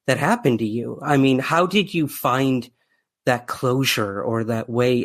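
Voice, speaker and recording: Podcast host guy, mid voice, lots of uh and um, friendly. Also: mid-range voice. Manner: friendly, hesitant with many fillers. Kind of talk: podcast interview.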